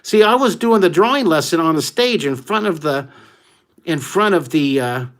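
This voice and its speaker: A middle-aged American man leading a live online drawing lesson for kids, telling stories with excited whoops. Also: a little high, normal speed. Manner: exuberant, exclamatory storyteller who whoops often. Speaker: art teacher hosting a live drawing class.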